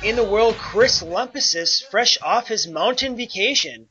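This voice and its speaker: A man hosts a casual sports podcast, trading dry, teasing quips with his friend. His voice sits fairly high. Music plays clearly behind him, and the recording has a muffled, dull lo-fi quality. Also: animated, unhurried, pushed and bright. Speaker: podcast host.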